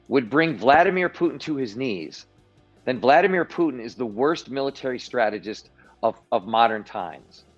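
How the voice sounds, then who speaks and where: A man with a medium-pitched voice and dull-sounding audio guests on a livestream over a video call. He offers political commentary, telling stories animatedly and restarting often.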